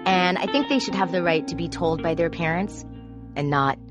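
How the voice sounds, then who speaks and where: A woman who produces court shows tells candid, confessional stories about her job and grows animated when she quotes herself. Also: fairly low pitch, normal speed, music in the background. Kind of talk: personal storytelling.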